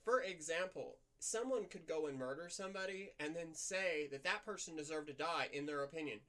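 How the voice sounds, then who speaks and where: A woman venting in a candid personal vlog monologue, in a softened, practiced feminine voice that is slightly nasal, blunt and rambling with fillers. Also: deep voice, fairly quick. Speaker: vlogger.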